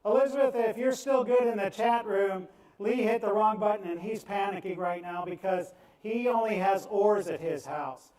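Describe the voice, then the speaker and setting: High-voiced man calling a charity auction. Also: darkish tone. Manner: rapid rhythmic bid chant, cajoling bidders. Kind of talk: live auction bid calling. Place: event venue on the Gulf coast. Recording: echoey room, voice from off-mic.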